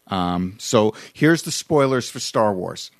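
A man's voice: on the low side, expressive, slow, creaky, no echo, studio quality. A man co-hosting a podcast, joking playfully in casual banter with his co-host.

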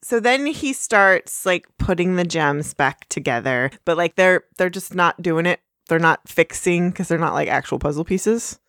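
A woman's voice: on the low side, expressive, a little slow, hardly any pauses, a bit bright, dry recording, studio quality. Woman casually recapping an episode. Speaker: podcast co-host.

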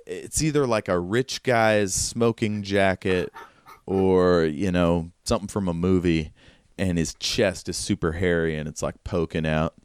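A man's voice: sits low, steady tone, unhurried, clear, resonant tone, no echo, studio quality. A man narrating a tabletop game as game master, in a loose, chatty way full of fillers.

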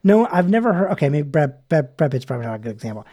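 A man co-hosts a relaxed podcast chat, his voice sitting a little high for a man but soft and mellow in tone. He rambles through his points with many fillers and self-restarts. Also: rapid-fire. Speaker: podcast co-host. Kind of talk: casual chat.

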